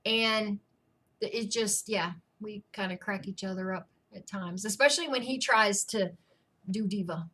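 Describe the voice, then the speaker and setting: A woman's voice: mid-range voice, a little slow, sharp tone, slightly rough. A woman co-author in a casual Q&A chat, telling stories in a chatty, amused way. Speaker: co-author answering reader questions.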